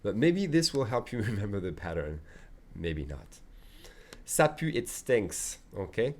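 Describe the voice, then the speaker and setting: Low-voiced man teaching casually. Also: measured pace. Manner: relaxed, joking, many fillers and restarts. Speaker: French teacher. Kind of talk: casual spoken lesson.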